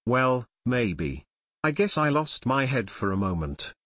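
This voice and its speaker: A man's voice: medium pitch, very animated, measured pace, fairly bright tone, dry recording, studio quality. A man voicing a shaken airport tower chief. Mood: steadier. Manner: shaky, frightened delivery. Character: anxious middle-aged male airport tower chief.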